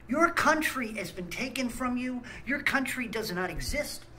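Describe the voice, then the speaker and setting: A man's voice: extremely high pitch, expressive, unhurried, pushed and bright, low-quality recording. A man, host of a small ministry channel, ranting angrily with blunt talk and stammered restarts. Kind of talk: angry ranting monologue.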